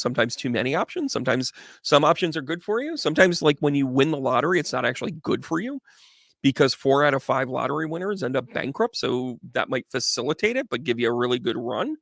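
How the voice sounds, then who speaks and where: A man doing casual live tarot readings as a medium, chatty and animated, greeting viewers by name. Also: medium pitch, gravelly, no echo, clean studio sound.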